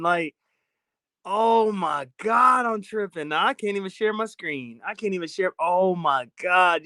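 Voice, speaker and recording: A man's voice: sits high, pushed and bright, no echo, studio quality. A middle-aged man casually chatting on a phone live stream while walking around his house, loose and profane, laughing often.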